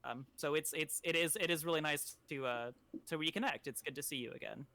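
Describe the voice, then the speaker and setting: A man's voice: fairly high pitch, brisk, sharp tone. A man voicing a courteous, fatherly nobleman who stammers as he greets a guest. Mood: welcoming. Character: welcoming older nobleman host, fatherly.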